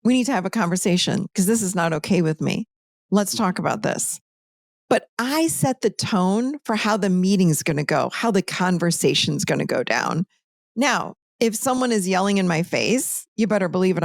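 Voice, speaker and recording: A woman's voice: on the low side, creaky, dry recording, studio quality. A woman coach talking emphatically in a casual interview, repeating her points for stress.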